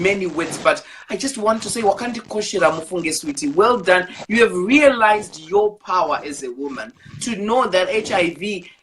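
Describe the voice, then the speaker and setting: A woman's voice: on the low side, fairly bright tone, slight background noise. Woman, live talk show host, affectionate, encouraging, reads out viewer comments. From Zimbabwe.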